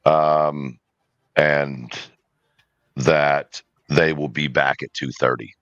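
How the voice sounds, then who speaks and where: A man speaking as a panel guest on a livestream, in a measured, cautious way with frequent ums. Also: a bass voice, fairly even intonation, a bit bright, dry recording. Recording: dull lo-fi dry call audio.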